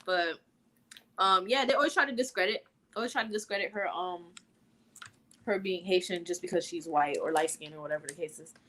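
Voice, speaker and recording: A woman's voice: on the low side, brisk, a bit bright. A woman co-hosting a casual talk show, speaking bluntly and rambling, with lots of filler words. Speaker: podcast co-host. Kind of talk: casual chat.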